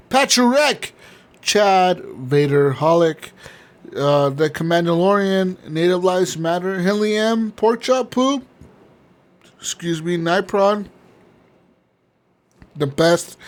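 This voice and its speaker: Man, gaming podcast host, slightly high-pitched, rambling and profane. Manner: profane, rambling, laughs often. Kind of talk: casual podcast chat.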